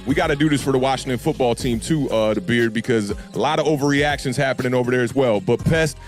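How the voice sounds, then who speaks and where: A man with a deep voice hosting a casual sports talk show, laid-back and slangy, addressing listeners directly. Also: fast talker, soft background music. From United States. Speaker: podcast host.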